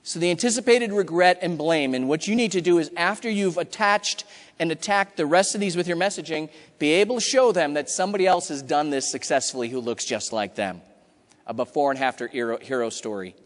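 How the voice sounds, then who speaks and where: A high-pitched man delivers a punchy, emphatic keynote in a large hall with long reverb. He is middle-aged and acts out customer quotes in quick asides. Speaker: conference keynote speaker. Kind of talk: energetic conference talk. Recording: hall reverb from a big room.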